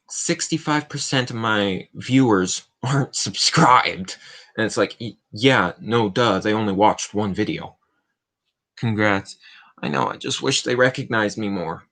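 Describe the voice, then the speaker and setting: A livestream host runs a casual Q&A chat, rambling along and cracking jokes at his own expense. His mid-range voice is bright and forceful.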